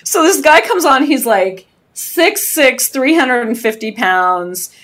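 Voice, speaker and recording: Animated woman telling a story. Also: high voice, slow pace, a little hiss or hum. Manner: animated storyteller, laughs between phrases. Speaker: flight attendant guest. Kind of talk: casual podcast chat.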